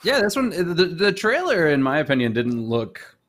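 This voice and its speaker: A man hosting a casual podcast chat, talkative and quick to laugh. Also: a little high. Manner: chatty, laughs often, animated. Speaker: podcast host.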